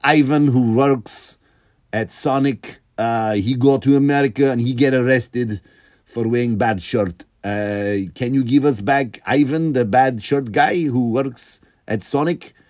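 A man doing a slow, broken-English caller. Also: mid-range voice, darkish tone, no echo, clean studio sound, close to an everyday voice. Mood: pleading. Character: grown man speaking broken English, plodding.

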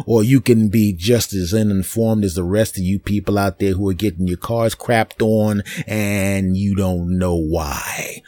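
Low-voiced man ranting a comic tale. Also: fairly even intonation, unhurried, hardly any pauses, warm tone, dry recording. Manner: ranting, mock-indignant, acts out voices. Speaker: podcast host. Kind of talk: comedic monologue storytelling.

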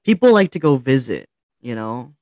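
A man's voice: medium pitch, big pitch swings, moderate pace, a little mellow, no room sound. A man co-hosting a podcast in casual chat, with a wry, sarcastic way of talking. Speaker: podcast co-host.

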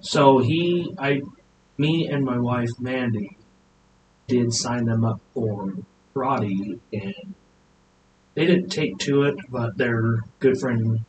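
A man from Utah, a podcast guest, telling family stories in a relaxed, chatty way. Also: mid-range voice, slow pace. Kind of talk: casual podcast chat. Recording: roomy echo, noticeable noise.

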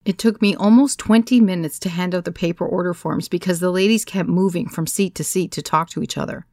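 A woman reads a first-person story aloud with measured, wry pacing. Her voice sits low and gravelly, and the sound is dry and close. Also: fairly even intonation, a little mellow, no room sound. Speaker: audiobook narrator. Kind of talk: first-person scripted narration.

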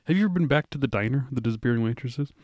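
A man's voice: medium pitch, lively intonation, racing, a little mellow, no room sound. A man co-hosting a podcast, chiming in with short wry reactions in casual chat. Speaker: podcast co-host.

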